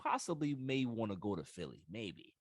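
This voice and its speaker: A man's voice: medium pitch, big pitch swings, normal speed, dry recording, studio quality, voice pushed down. A man mimicking an evasive male star athlete who hesitantly hints that he wants to leave his team. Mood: sheepish. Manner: hesitant, mumbling, noncommittal.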